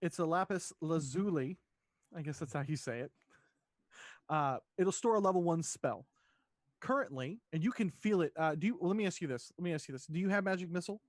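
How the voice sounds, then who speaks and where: Man, dungeon master, high voice, dry close sound, relaxed, lots of ums. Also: fairly quick, no room sound. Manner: laid-back, laughing, many fillers. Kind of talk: running a tabletop game.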